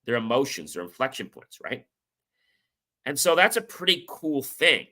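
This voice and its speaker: A man's voice: mid-range voice, big pitch swings, normal speed, sharp tone. A man hosting a motivational talk, telling personal stories casually and acting out the dialogue. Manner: casual storytelling, acts out quoted dialogue. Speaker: show host.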